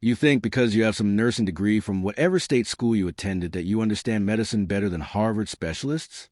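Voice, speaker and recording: A man's voice: lowish voice, a little fast, darkish tone, no room sound, clean studio sound, lightly acted. A man playing a wealthy middle-aged father who talks in a clipped, condescending, controlling way. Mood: cold menace.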